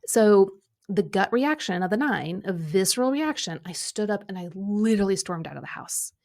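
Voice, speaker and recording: A middle-aged woman hosting a coaching podcast, telling a personal story in an animated way, often acting out what people said. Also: medium pitch, a little fast, creaky. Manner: animated, acts out quoted speech, filler-heavy. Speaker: podcast host and Enneagram coach.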